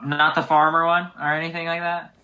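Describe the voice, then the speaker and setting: A young man with a bright, forceful voice, higher than most men, telling a long joke on a casual podcast. He acts out each character as he goes, in an animated storytelling manner. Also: brisk, low-quality recording. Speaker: podcast co-host.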